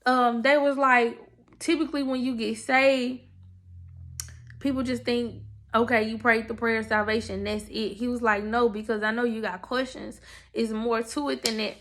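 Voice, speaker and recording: A young woman telling her faith testimony in a casual, animated, emotional way, talking straight to her listeners. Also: a little high, normal speed. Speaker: person sharing a faith testimony. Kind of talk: casual storytelling.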